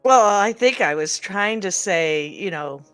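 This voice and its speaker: A woman chats as a player in a tabletop game, stumbling over her words with amusement. She speaks slowly at an ordinary pitch. Soft music plays underneath. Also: expressive, smooth. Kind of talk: casual tabletop game banter.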